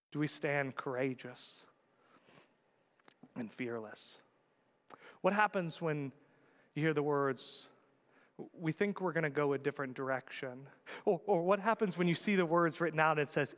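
A man preaching a sermon as a pastor, swinging between loud urgent calls and hushed quiet words. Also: fairly high pitch, moderate pace, long reverb tail.

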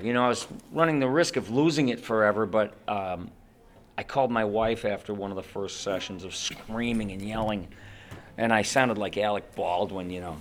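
A man, a voice actor, telling stories in an interview in an animated way, slipping into voices as he talks. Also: fairly low pitch, moderate pace, slight background noise. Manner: animated, acts out voices and screams. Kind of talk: interview storytelling.

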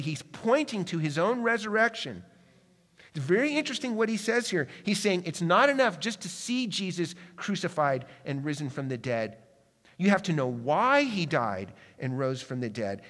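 A man preaching a sermon, moving from quick, urgent passages to slow, hushed ones. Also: on the high side. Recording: long hall reverb.

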